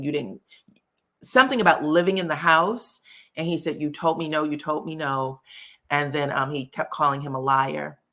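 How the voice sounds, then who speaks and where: A woman with a low voice and a bright, forceful edge hosts a casual commentary channel. She talks straight to her viewers and keeps dropping in um fillers. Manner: chatty, frequent um fillers, addresses viewers directly. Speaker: host of a celebrity gossip channel.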